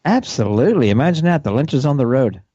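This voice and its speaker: A man's voice: medium pitch, sing-song, fast talker, warm tone, dry recording. Joking American man co-hosting radio. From Ohio, USA. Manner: joking, laughing, easygoing. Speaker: co-host. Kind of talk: casual radio chat. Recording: slightly muffled dry sound.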